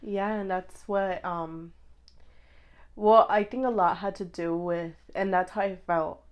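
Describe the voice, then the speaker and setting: A young woman co-hosting a podcast, talking candidly in a casual chat, full of "like" fillers and quick quoted asides. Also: lowish voice, fairly even intonation. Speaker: podcast co-host.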